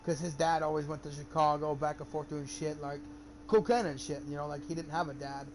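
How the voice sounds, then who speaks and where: With slight background noise, a young man speaks briskly in a fairly high voice as he streams a game. His casual chat drifts into a rambling story laced with swearing, livening up when he quotes people.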